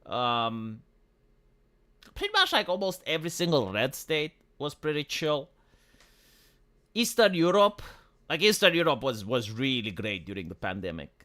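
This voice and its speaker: A man's voice: mid-range voice, big pitch swings, unhurried, pauses often, pushed and bright. A man from Romania ranting on a livestream, profane and full of restarts and fillers. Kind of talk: casual opinionated livestream rant.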